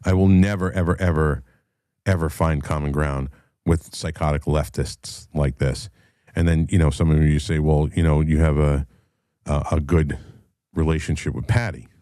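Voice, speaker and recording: A middle-aged man hosting his own show, ranting with heavy swearing, going from low muttering to loud heated bursts. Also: fairly even intonation, moderate pace, dry recording, clean studio sound. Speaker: podcast host. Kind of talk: profane ranting commentary.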